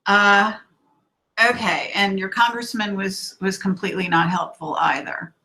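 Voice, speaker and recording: A woman hosting an online live-stream interview, asking questions haltingly with many fillers. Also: medium pitch, fairly even intonation, pushed and bright, low-quality recording. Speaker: host.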